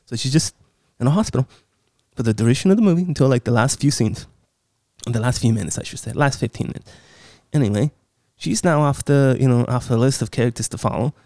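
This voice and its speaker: A man's voice: mid-range voice, expressive, fast talker, warm tone, no room sound, studio quality. A man recapping a horror film in a casual, sarcastic, exasperated way, swearing often.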